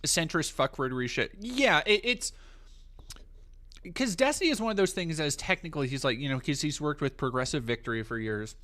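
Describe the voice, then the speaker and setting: A man's voice: on the high side, lively intonation, fast talker, few pauses, a bit bright. A man from the United States hosting a livestream, talking casually in a rambling, profane way with many fillers and restarts. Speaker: livestream host.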